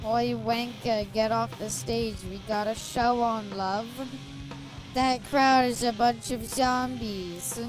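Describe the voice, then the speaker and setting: A woman hamming up a crude British bloke, all slang and swagger in a clumsy put-on British accent. The drawl is slow and unhurried, with faint music behind. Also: fairly high pitch, fairly even intonation, low-quality recording. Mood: rowdy. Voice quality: over-the-top comic slang, playfully bad impression.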